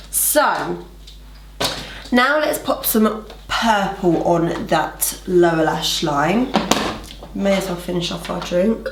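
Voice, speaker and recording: A woman's voice: on the low side, lively intonation, slow, long pauses, echoey room, noisy background. A young woman chatting her way through a makeup tutorial in a bubbly, gushing manner. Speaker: makeup vlogger. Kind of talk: casual makeup tutorial narration.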